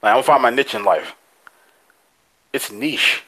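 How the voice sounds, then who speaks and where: A man co-hosting a casual podcast chat, excitable and quick to laugh, swearing freely as he rants. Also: mid-range voice, rough recording. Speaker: podcast co-host.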